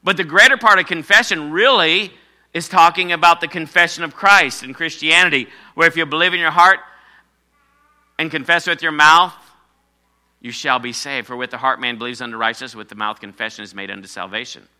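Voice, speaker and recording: Male pastor, sermon delivery, emphatic, slightly high and sharp-toned voice. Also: fairly quick. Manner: emphatic preaching, repeating key phrases.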